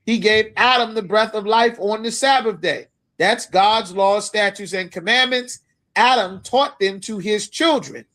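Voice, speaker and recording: High-pitched guy teaching a bible class, slow and emphatic, keeps checking if you get it. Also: fairly bright tone. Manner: reads verses slowly, then explains in everyday talk. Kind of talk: scripture lecture.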